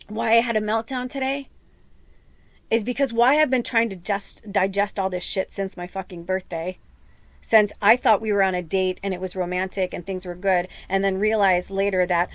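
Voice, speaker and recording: A woman's voice: medium pitch, fairly even intonation, normal speed, no room sound. A woman podcast host, upset and close to tears, pouring out a raw, rambling monologue full of swearing and fillers. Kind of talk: emotional personal monologue.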